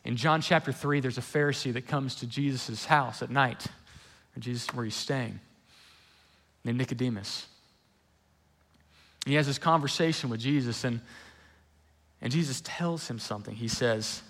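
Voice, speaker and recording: A man's voice: medium pitch, moderate pace, long pauses, fairly bright tone. Man preaching a conversational sermon. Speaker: pastor.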